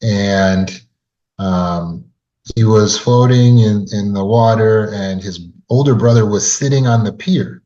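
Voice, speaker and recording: A man's voice: on the low side, slow, warm tone, a little hiss or hum. A man coaching on trauma recovery who tells a story and turns to the listener with earnest rhetorical questions, in a dull lo-fi recording. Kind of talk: storytelling lesson to camera. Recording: dull lo-fi sound.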